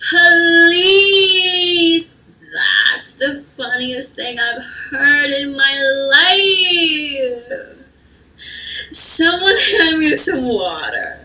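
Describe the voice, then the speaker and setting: A woman voicing a smug, bullying popular teenage girl who sneers, switching between hissed taunts and loud mockery. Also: on the high side, big pitch swings, takes it slowly, voice pushed up, full character voice. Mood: sneering. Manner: sneering, hissing then loud mocking.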